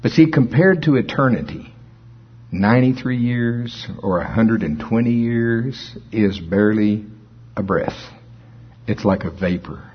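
A man's voice: on the low side, expressive, unhurried, slightly rough. A man in his sixties preaching a sermon in a folksy, storytelling manner. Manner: folksy, storytelling, chuckles at his own jokes. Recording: dull lo-fi recording.

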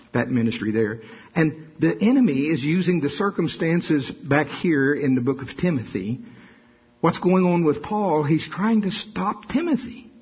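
An older man preaching a sermon full of stories, talking in an animated, folksy way that often repeats itself. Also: a little high, slightly rough, dull audio. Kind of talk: sermon with storytelling.

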